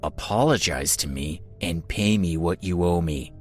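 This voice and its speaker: Guy reading a vengeful rich tycoon, low cold voice, threatening. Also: unhurried, faint music behind. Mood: demanding. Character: proud humiliated male tycoon, vengeful.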